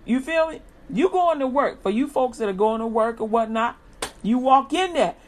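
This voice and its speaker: A woman's voice: on the high side, moderate pace. A woman preaching an informal inspirational sermon, talking colloquially and repeating an upbeat slogan again and again. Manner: colloquial, repeats a slogan, acts out lively quoted greetings.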